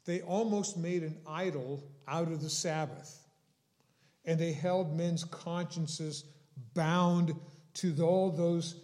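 Slow, deliberate preaching man. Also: on the high side, darkish tone. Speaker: pastor. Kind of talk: sermon.

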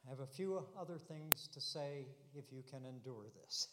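A man's voice: medium pitch, moderate pace, very noisy. A man preaching a sermon, earnest and building to emphatic, repeated declarations. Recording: long reverb of a hall.

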